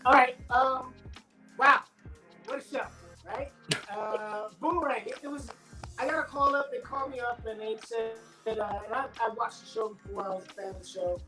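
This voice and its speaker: A middle-aged actor being interviewed, telling stories in a loose, animated way and acting out his friends' voices. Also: very high voice, moderate pace, reverberant, over music, rough recording. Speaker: actor guest. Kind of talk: casual interview storytelling.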